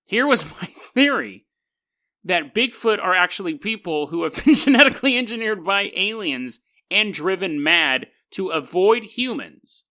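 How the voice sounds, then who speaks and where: Lively high-voiced man telling a wry story. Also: unhurried. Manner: wry, skeptical, laughing asides. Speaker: podcast host. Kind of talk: casual storytelling monologue.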